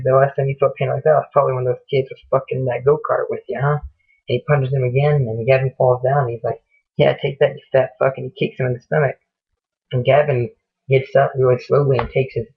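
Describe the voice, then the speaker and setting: A man's voice: mid-range voice, breathy edge. A young man casually retelling a gory horror story, rambling and swearing, slipping into the characters' lines without changing his voice. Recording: muffled phone-like audio.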